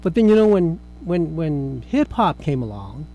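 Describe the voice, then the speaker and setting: A middle-aged man with a high voice hosts a relaxed film review chat. His tone is mellow and soft-edged, and he rambles along, restarting sentences as thoughts occur to him. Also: moderate pace, low-quality recording. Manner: chatty, rambling, with frequent restarts. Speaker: film review show host.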